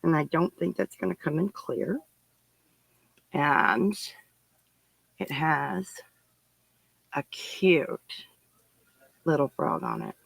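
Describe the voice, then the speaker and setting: Her voice is low and gravelly with a breathy edge and huge pitch swings, and she takes it slowly, pausing often. This woman runs a crafting channel and chats casually with viewers while opening their parcels, thinking aloud, gushing and giggling. The recording is rough, though without echo.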